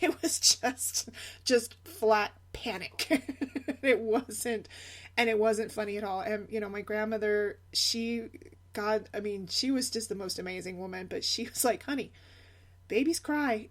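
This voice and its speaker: A young woman chatting casually in a vlog about parenting, animated and laughing often. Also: mid-range voice. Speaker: mom blogger.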